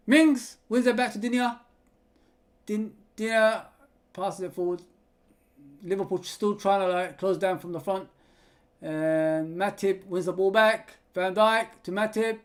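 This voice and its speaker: A man hosting a live football watch-along, excitably calling the play, yelling at players and chatting with viewers. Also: high voice. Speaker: fan channel host reading live chat.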